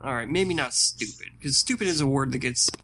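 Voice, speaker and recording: Animated man in casual podcast chat. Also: mid-range voice, fairly quick, a little hiss or hum. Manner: animated, swearing, acts out quotes. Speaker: podcast co-host.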